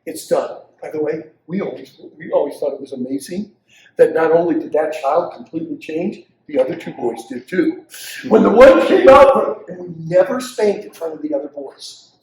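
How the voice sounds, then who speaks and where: An older man teaching parents as a pastor, animated and acting out quotes from children and parents, in a church hall. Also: a little high, normal speed, recorded from a distance. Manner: animated preacher who acts out quotes of kids and parents. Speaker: pastor leading a parenting session.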